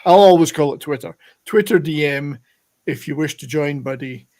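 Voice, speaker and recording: A man's voice: fairly high pitch, normal speed, a little mellow. A Scottish man hosting a casual online chat show, chatty and jokey, laughing often between remarks. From Scotland. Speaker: host. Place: home in Alberta, Canada.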